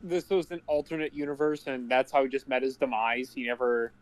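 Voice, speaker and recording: A man's voice: mid-range voice, steady tone, brisk. A man co-hosting a casual movie podcast, adding dry sarcastic quips. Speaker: podcast co-host.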